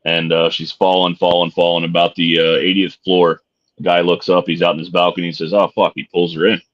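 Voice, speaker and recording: Middle-aged male co-host, very low and easygoing, swears freely and jokes, muffled lo-fi audio. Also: completely flat delivery, brisk. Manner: laid-back and profane, jokey. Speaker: podcast co-host. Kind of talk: casual chat. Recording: dull lo-fi sound.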